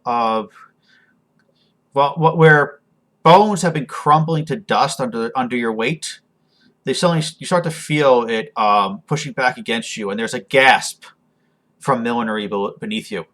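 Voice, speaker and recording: A man narrating as game master of a tabletop game, halting with frequent ums and restarts. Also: mid-range voice, a bit bright.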